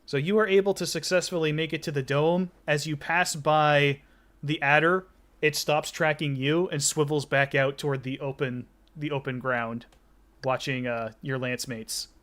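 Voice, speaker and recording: Man running a tabletop game. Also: a little high. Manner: relaxed, halting narration with fillers. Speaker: game master.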